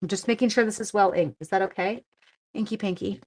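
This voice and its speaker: A middle-aged woman hosts a casual craft live stream in a chatty, easygoing way. Her voice sits at a medium pitch. She talks viewers through each step and greets them by name as she goes. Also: a little fast, breathy edge. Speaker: stamping demonstrator and live stream host.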